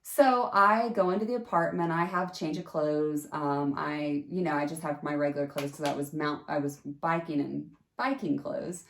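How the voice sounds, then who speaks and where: A woman hosting a show, telling a personal story in casual chat and jumping high when acting out what people said. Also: normal speed, creaky, hardly any pauses, roomy sound. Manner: animated, jumps into high pitch acting out quotes.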